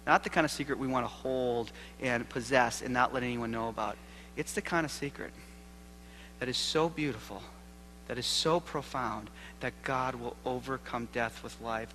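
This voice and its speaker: Earnest, bright-voiced male keynote speaker. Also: medium pitch, slight background noise, poor audio. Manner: earnest, swings from loud emphasis to hushed intimacy. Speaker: seminary professor giving a keynote. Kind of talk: keynote address with storytelling and closing prayer. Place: lecture hall at a church convocation.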